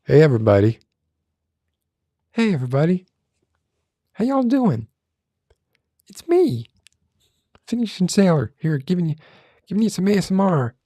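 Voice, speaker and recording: A man parodying an over-the-top cheery male ASMR host in a high, exaggerated voice. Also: sing-song, normal speed, pauses often, mellow, no room sound, studio quality. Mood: gushing. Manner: high, gushing, exaggerated put-on greeting.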